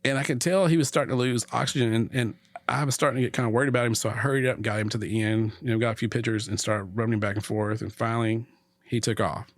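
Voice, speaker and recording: A man's voice: medium pitch, fast talker, dry recording. A middle-aged man tells a story as a guest on a casual talk show. He throws himself into it and acts out every voice. The sound is dry and close, with little room in it. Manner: animated storyteller, acts out quotes. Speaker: podcast guest.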